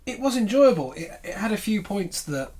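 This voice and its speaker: A man's voice: high-pitched, sing-song, moderate pace, darkish tone, breathy edge. A man co-hosting a podcast, recapping a film in casual chat with lots of agreeing and fillers. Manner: chatty, frequent agreeing and fillers, swears casually. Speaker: podcast co-host.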